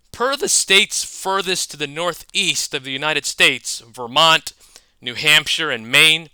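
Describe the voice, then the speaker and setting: Slow, bright-voiced man explaining. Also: a little high, clear, resonant tone, no room sound. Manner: measured, with wordplay asides. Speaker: educator. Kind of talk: scripted explanatory narration.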